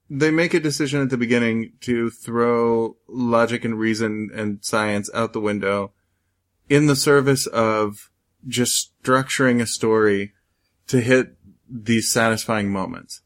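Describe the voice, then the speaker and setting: A man's voice: mid-range voice, slow pace. A man co-hosting a casual movie review chat, sardonic and mocking as he picks the plot apart. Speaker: podcast co-host.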